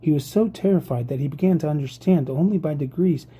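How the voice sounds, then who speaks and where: Dark, husky audiobook narrator. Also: medium pitch, fast talker. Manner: steady storytelling read, occasional slips. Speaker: audiobook reader. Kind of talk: scripted narration.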